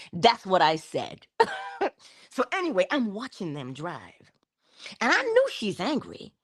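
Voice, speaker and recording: Animated woman with a lilt. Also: mid-range voice, slow, slightly rough. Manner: animated, laughing often, storytelling. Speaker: spiritual channel host. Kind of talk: casual spiritual talk to viewers.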